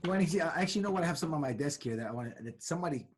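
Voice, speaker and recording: An upbeat, jokey man chatting as a podcast guest over a video call. He rattles along at a fast clip. His voice has a husky edge. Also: on the high side, expressive. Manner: upbeat, jokey, talks in quick bursts. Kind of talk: casual chat.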